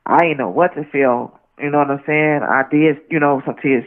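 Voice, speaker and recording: A woman's voice: sits low, steady tone, normal speed. Woman rambling on a phone call, lots of restarts, sounds thin like a phone line. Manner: rambling, many restarts and "you know what I'm saying". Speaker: interview guest. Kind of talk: casual phone interview, storytelling.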